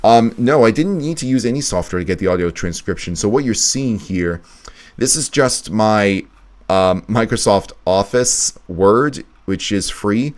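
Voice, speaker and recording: A man edits a video on a live stream, chatting casually and muttering to himself as he thinks aloud. His voice is lowish with lively intonation, and he speaks a little slowly.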